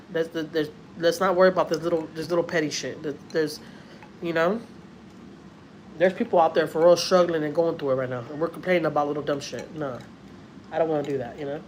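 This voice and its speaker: A woman with a drawl talks in a fairly low voice, telling a personal story in a casual, earnest way. She loops back over her points and repeats phrases as she goes. Faint ambient noise sits under her voice. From Houston, Texas. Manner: chatty, earnest, repeats herself. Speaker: family vlogger.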